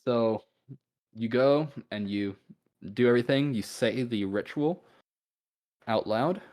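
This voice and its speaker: A man narrating a tabletop game as game master in an unhurried, easygoing way with fillers. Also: mid-range voice, darkish tone.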